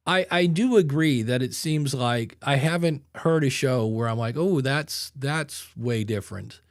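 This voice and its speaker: A man hosting a podcast in casual chat, animated and talking into a mic with headphones, sometimes acting out voices. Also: mid-range voice, unhurried, no room sound, studio quality. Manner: animated, demonstrates voices with sudden loud bursts. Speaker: podcast host. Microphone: studio mic with headphones.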